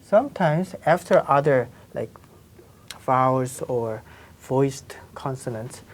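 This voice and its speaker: A woman's voice: extremely low pitch, takes it slowly, darkish tone. A woman teaching a language lesson, patiently repeating sounds and checking in with her students. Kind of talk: slow explanatory lesson with spoken examples.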